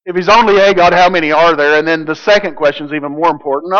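High-voiced man preaching emphatically. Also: fast talker, hardly any pauses, muffled recording. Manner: emphatic, swings from hushed to loud. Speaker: pastor. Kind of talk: sermon.

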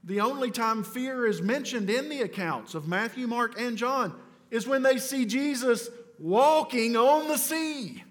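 Pastor guy preaching, kinda high voice, goes loud then drops real quiet, big echo tail. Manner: emphatic preaching, swinging from loud urgent declarations to low, slow, quiet stresses; casual asides mixed with scripture teaching. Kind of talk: sermon.

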